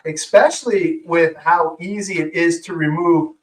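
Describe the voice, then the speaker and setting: A man's voice: fairly high pitch, fairly even intonation, measured pace. Chatty man demoing in an echoey room. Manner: chatty, enthusiastic, lots of fillers. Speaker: co-host. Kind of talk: casual show-and-tell demo. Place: indoor workshop room. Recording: roomy echo, far from mic.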